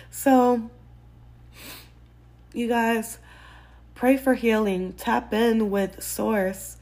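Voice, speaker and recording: A woman's voice: on the high side, fairly even intonation, extremely slow, long pauses, a little mellow. A woman podcast host giving personal faith-based advice, earnest and candid, with casual swearing.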